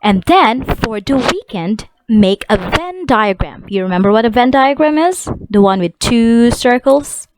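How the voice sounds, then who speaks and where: A woman teacher giving an online class lesson, slowly and clearly repeating vocabulary words for young students. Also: a little high, lively intonation, background noise. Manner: slow, clear word-by-word drilling of vocabulary.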